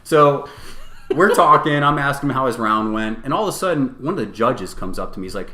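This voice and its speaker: A man's voice: mid-range voice, fairly quick, a little hiss or hum. Man telling a heated gaming story. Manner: animated, profane storytelling with quoted back-and-forth. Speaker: podcast co-host. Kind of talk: casual storytelling chat. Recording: roomy echo.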